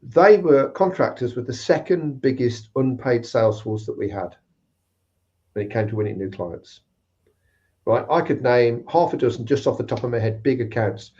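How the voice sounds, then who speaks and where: A guest speaker on recruitment tells work anecdotes in casual chat, acting out the people he quotes. He has a medium-pitched, dark voice with lively intonation and a moderate pace, and the recording sounds slightly dull and lo-fi.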